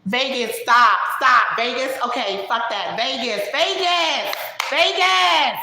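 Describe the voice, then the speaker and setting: A loud, brash friend yelling and squealing far above her usual pitch, as a hoarse woman puts her on. Each line comes out strained and forceful, bouncing off a roomy space. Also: slow pace, slight background noise, full character voice. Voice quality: shrill, yelling.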